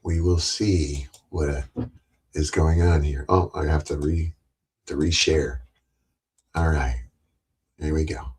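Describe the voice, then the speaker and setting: A man's voice: rumbling low, fairly even intonation, slow pace, long pauses, darkish tone, husky. A middle-aged man hosting a casual livestream, rambling, joking crudely and laughing often. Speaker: livestream host.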